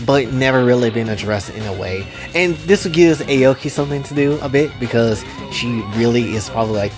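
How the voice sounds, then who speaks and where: A man casually recapping and commenting on his own story, rambling with lots of fillers. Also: fairly low pitch. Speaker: creator recapping his own anime series.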